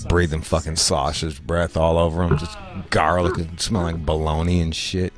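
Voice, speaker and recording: A man's voice: sits low, flat delivery, unhurried, faint music behind. A man from Michigan hosting a podcast, telling stories in rambling, profane casual banter. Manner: rambling, profane, restarts a lot. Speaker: podcast host.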